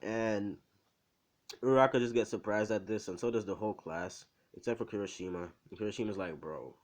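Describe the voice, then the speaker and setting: In a low voice and at a brisk pace, a man improvises a fan story casually. He rambles, using fillers and making asides to the listener.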